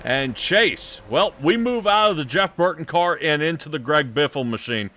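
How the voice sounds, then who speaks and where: A man's voice: a little high, animated, moderate pace, pushed and bright, a little hiss or hum. A man doing casual, chatty play-by-play for a sim racing broadcast, often trailing off and laughing.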